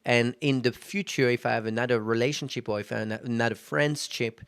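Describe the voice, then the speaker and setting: Gravelly-voiced man hosting a solo podcast. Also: medium pitch, steady tone, brisk, fairly bright tone, no room sound. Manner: conversational, self-reflective, frequent fillers. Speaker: podcast host. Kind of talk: casual solo podcast monologue.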